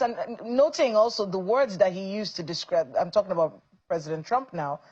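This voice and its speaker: A woman's voice: mid-range voice, darkish tone, muffled recording. A woman co-hosting a studio news interview, asking probing, layered questions. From Nigeria. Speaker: co-host.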